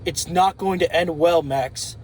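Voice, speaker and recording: Man voicing an earnest wrestler, pleading, high voice, sincere. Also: unhurried, a little hiss or hum, lightly acted. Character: worried male wrestler pleading with his friend.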